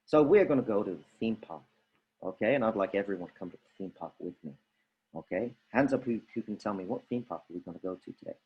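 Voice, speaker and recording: A man leading a drama workshop for teachers, coaching lively and demonstrating vocal warm-up drills. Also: on the low side, fast, highs cut off.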